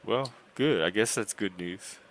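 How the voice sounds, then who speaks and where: A man with a lowish voice trading dry, wry remarks in relaxed chat. His delivery is understated. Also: measured pace, a little hiss or hum, rough recording. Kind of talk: casual chat on a stream.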